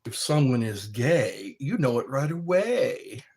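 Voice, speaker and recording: A man's voice: mid-range voice, sing-song, slow, a little mellow, breathy edge. A man hosting a live stream, chatting in a rambling, playful way while he snacks and spells words out.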